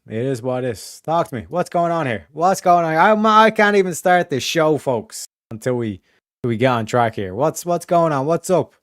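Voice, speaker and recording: A man's voice: fairly high pitch, no room sound, studio quality. An Irish man hosting a stream in casual chat, rambling and swearing, repeating his catchphrases. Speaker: streamer host.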